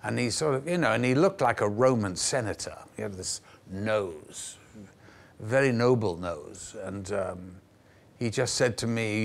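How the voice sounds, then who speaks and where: An older actor being interviewed on television, telling anecdotes and acting out the voices of the people in them. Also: male voice, lowish voice, animated, unhurried, vocal fry. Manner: vivid, acts out the voices in his stories. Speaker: actor guest. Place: television studio.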